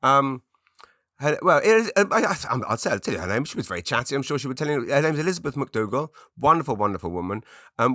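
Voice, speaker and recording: A man's voice: fairly low pitch, a bit bright, dry recording, studio quality. A middle-aged man from England, hosting his own podcast in a chatty, rambling, self-deprecating way with many restarts. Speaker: podcast host. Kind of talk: rambling solo podcast monologue.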